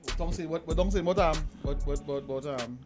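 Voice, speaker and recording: A man's voice: fairly high pitch, brisk. Man telling stories in banter. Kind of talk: casual banter among friends. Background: music.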